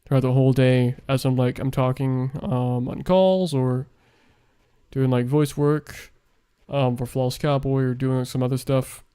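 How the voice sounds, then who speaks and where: A man's voice: medium pitch, steady tone, a little slow, mellow, clear, resonant tone. A young man chatting casually while streaming a game he makes, rambling with lots of fillers, his voice worn out late at night. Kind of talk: casual gaming stream chat.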